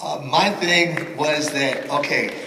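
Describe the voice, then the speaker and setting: A man on a convention panel telling animated stories about his work, slipping into voices along the way. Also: a little high, slow pace, background noise. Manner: lively storyteller, slips into voices and impressions. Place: large convention hall. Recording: echoey hall, miked from far off. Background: audience laughter and crowd.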